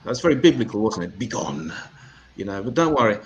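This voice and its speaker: A man doing stand-up comedy as MC. He tells crude, sweary deadpan one-liners. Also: mid-range voice, rapid-fire, slight background noise, poor audio.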